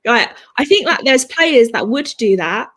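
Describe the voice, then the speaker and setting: A woman's voice: fairly high pitch, very animated, measured pace, fairly bright tone. A woman on a panel in a casual online football chat from home, talking in an easygoing way and often adding "to be honest with you".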